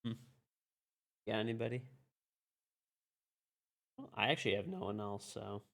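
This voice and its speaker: A man's voice: fairly low pitch, expressive, normal speed, creaky, fairly bright tone. Young man, game streamer, casual chat, joking, sweary, laid-back.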